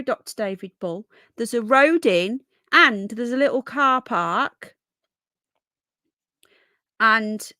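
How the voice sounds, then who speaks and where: A woman's voice: mid-range voice, pushed and bright, no echo, studio quality. A woman hosting a casual live stream, thinking aloud and greeting viewers by name.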